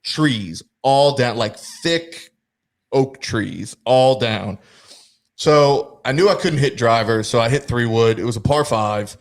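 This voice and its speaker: A young man hosting a casual podcast, telling a story with lively acted-out quotes. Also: medium pitch, slow. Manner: animated, acts out quotes. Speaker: podcast host.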